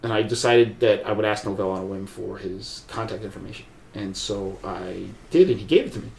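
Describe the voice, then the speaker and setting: A man's voice: fairly low pitch, brisk, vocal fry, a little mellow, a little hiss or hum. A man telling a long personal story as a podcast guest, loose and rambling, full of restarts and "like". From USA. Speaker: podcast guest, martial arts practitioner. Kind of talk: casual storytelling conversation. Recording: roomy echo.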